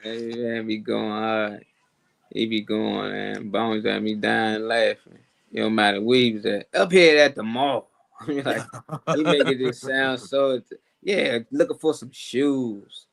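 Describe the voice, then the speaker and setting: A man's voice: lowish voice, fairly even intonation, slow pace, vocal fry, fairly bright tone, no echo. A man co-hosting a live talk show in casual banter, laid-back and laughing often. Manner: laid-back, laughs a lot, tells stories with voices. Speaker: co-host.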